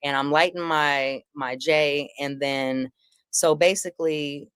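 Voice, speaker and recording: Woman comedian, lowish voice, dry close sound, animated storyteller who performs every quote. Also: takes it slowly, smooth, no echo. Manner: acts out quotes with big pitch jumps, swearing freely. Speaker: comedian guest telling a story. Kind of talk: animated storytelling on a live panel.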